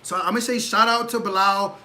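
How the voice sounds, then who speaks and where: A man hosting a casual livestream, talking in an animated, rhetorical way and often asking "right?" for agreement. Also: high voice, brisk, poor audio. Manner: gets loud and excitable. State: leg cramp. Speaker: livestream host.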